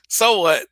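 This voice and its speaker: A man's voice: sharp tone, no echo. A man hosting his own channel, talking bluntly and casually with profanity and frequent restarts. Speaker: channel host. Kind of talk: casual opinion monologue.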